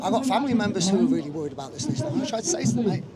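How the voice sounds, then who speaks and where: Very high-voiced insistent man. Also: sing-song, very fast. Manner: earnest and insistent, keeps saying "mate". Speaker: counter-protester. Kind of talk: heated street debate. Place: street protest outdoors. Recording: outdoor protest with loud crowd. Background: loud crowd.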